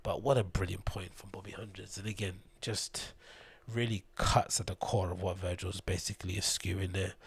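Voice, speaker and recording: Male host, low and slightly husky, rambling scornful solo rant with plenty of swearing. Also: flat delivery, normal speed. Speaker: show host.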